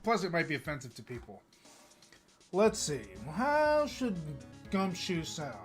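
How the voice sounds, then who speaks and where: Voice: mid-range voice, wildly swooping pitch, measured pace, soft background music. A let's-play gamer narrating a courtroom game and adding joking asides between voiced lines. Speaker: let's play gamer reading the story aloud. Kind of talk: casual game dub and narration.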